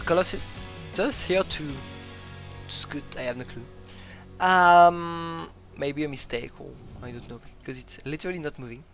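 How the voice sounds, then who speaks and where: An excitable caster calls a live strategy match in non-native English, breaking into sudden loud exclamations. The voice is mid-pitched. Faint music plays underneath. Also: normal speed. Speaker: esports caster. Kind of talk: live game commentary. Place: broadcast booth.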